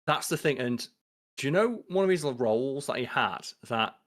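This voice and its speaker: Animated man on a casual podcast. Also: medium pitch, moderate pace. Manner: animated, swears freely, acts out quoted lines. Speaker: podcast co-host.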